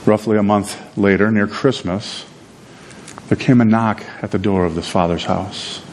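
A man preaching a sermon, telling a story in a conversational, animated way with frequent repeated words. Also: lowish voice, measured pace, slight background noise. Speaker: pastor.

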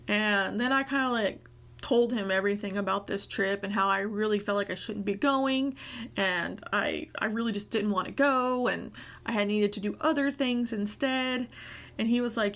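A woman's voice: fairly high pitch, fairly even intonation, moderate pace, fairly bright tone. A woman from Nashville casually telling a personal testimony story in a rambling, chatty way full of filler words. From Nashville, USA. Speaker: YouTuber sharing a testimony.

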